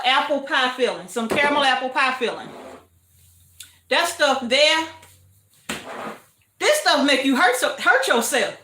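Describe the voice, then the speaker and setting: A slight hiss or hum sits under this casual livestream chat, where an older homestead host talks from her echoey kitchen. She's chatty and laughs a lot, greeting her viewers warmly. Her speech comes slow and easygoing, in a high, bright voice.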